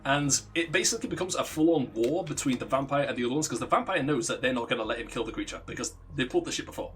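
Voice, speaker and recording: A man's voice: medium pitch, animated, racing. A man, a let's play streamer, casually telling a rambling, profane story while gaming and laughing at his own jokes.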